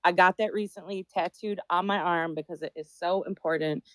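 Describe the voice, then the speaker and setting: A woman's voice: lowish voice, steady tone, a little fast, a bit bright, dry recording, rough recording. Earnest gushing woman fan. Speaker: fan calling in. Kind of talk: casual online audio chat.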